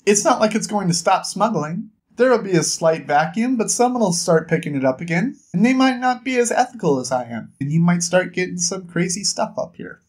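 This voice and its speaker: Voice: mid-range voice, expressive, brisk, few pauses, breathy edge. A book vlogger voicing a brash, defiant young woman smuggler in an indignant, exasperated tone.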